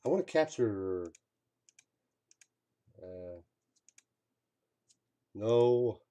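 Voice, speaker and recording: A man's voice: on the low side, expressive, drawn-out words, warm tone. A man streaming a game, commenting live with frustrated outbursts and swearing.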